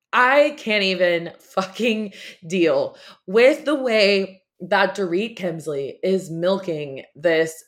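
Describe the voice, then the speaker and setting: Gossipy, laughing woman podcast host. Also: medium pitch. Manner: animated, gossipy, laughs often. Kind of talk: casual chat.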